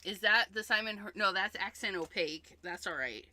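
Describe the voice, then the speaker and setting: A woman's voice: mid-range voice, a little fast, pushed and bright. A woman hosting a card-making livestream in a casual demonstration, chatty and thinking aloud, often repeating herself.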